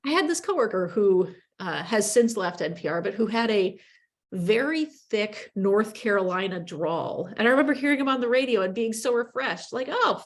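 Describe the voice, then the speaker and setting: A woman radio journalist with an upper Midwestern accent, answering interview questions in a chatty, animated way with quick bursts and self-corrections. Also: medium pitch. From upper Midwest of the United States.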